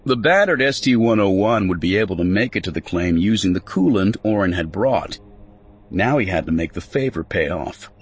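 A man narrating a story in an expressive, scripted audiobook reading. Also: deep voice, moderate pace, breathy edge, faint music behind.

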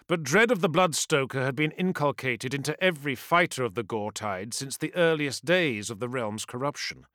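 A man narrates a dark fantasy audiobook in a theatrical, building voice. His pitch swings lively and his tone is bright and forceful. The sound is close and dry. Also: dry recording. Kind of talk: scripted dramatic fantasy narration.

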